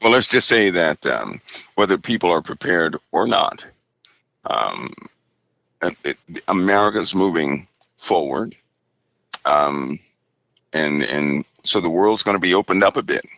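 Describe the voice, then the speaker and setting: A man guest on a remote call, speaking haltingly and checking in with "right?" as he goes. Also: low voice, lively intonation, creaky, bright, forceful tone, dry recording, lo-fi sound. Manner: halting, tags lines with "right?". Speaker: interview guest. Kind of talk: casual interview.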